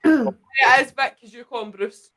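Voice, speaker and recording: A woman's voice: fairly high pitch, normal speed, a bit bright. A woman co-hosting a casual panel chat, teasing and matter-of-fact. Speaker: co-host.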